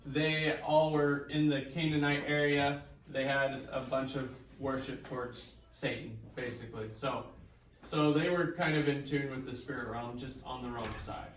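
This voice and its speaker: In a church, a pastor with a mid-range voice teaches an acted-out Bible lesson a little slowly, animated and quizzing his audience with questions. The recording is echoey and picked up from far off.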